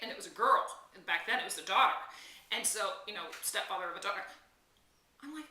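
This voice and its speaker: A woman's voice: high voice, quick pace, echoey room, distant mic. Bubbly chatty woman film vlogger. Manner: gushing, animated, chatty. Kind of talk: excited casual film chat to camera.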